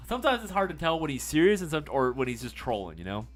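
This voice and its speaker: A man hosting a casual live-stream sales chat, playful and quick to swear. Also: a little high, sing-song, faint music behind.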